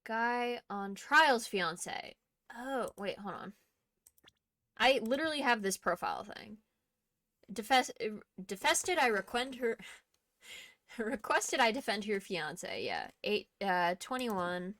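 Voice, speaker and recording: A woman's voice: a little high, expressive, takes it slowly, fairly bright tone, no room sound. A young woman streaming a game, chatting casually with laughing asides and the odd swear. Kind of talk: casual gaming commentary.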